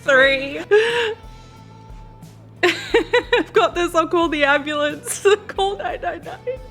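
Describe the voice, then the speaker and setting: Giggly, high-voiced woman streamer. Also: expressive, slow, pushed and bright, faint music behind. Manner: giggly, emotional, often laughing through tears. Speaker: game streamer. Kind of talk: live-stream chat.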